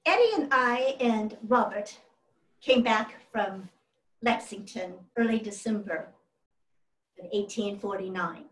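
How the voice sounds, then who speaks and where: Speaking slowly in a medium-pitched, slightly bright voice, a woman portrays a historical first lady, a genteel 1800s widow, in a live one-woman reenactment. She shares family stories with warm, chatty exclamations. The sound comes from a distant mic in a roomy hall, with her on stage before an audience.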